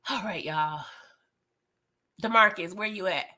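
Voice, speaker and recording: A young adult woman hosting a casual live stream, animated and often laughing as she chats with viewers. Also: mid-range voice, a little slow. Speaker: livestream host reviewing a TV episode.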